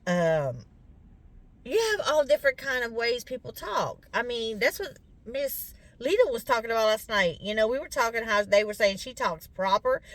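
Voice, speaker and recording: A woman's voice: on the high side, big pitch swings, normal speed, fairly bright tone. A middle-aged woman with a Southern US accent, chatting casually to her viewers as y'all, her voice a bit congested from sinus drainage. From Louisiana, US. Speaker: vlogger.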